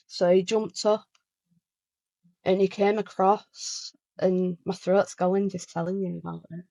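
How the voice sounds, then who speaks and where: A woman's voice: mid-range voice, fairly even intonation, a little slow, gravelly, warm tone, no echo, rough recording. A woman, a guest musician chatting casually in an interview, telling a story with lots of "like" and restarts.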